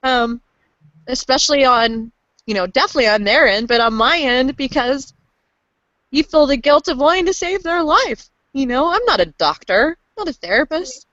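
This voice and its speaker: A woman's voice: sits high, expressive, moderate pace, fairly bright tone, dry recording, muffled recording. A woman in her thirties giving earnest, emotional personal testimony on a panel call, breaking into pep-talk bursts. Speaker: panelist sharing lived experience.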